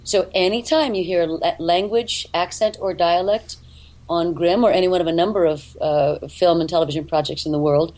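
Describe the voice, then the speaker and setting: A woman voice actor and dialect coach, talking in an interview in an articulate, deliberate way. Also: on the low side, darkish tone, rough recording. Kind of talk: interview talk.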